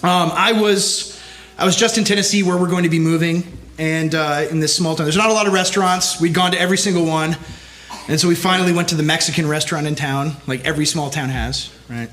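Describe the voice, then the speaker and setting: High-voiced pastor, emphatic and punchy. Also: male voice, steady tone, fairly quick, fairly bright tone. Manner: emphatic, keeps tagging lines with "right?". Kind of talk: conference talk.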